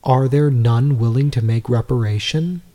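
A man reading a devotional text aloud in a measured, earnest way, full of rhetorical questions. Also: mid-range voice, warm tone. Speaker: reader.

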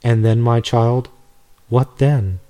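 A man voicing a gentle, fatherly old male priest while reading a storybook aloud. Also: mid-range voice, takes it slowly, smooth, natural voice. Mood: tender. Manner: tender, questioning.

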